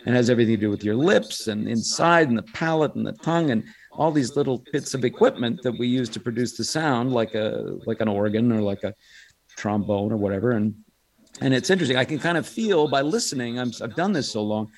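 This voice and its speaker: Middle-aged american guy, voice actor telling stories in a chatty interview, lively. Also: mid-range voice, fairly quick. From United States. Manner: animated storyteller, drops into quoted voices. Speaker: guest, voice actor and impressionist. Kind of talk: casual interview chat.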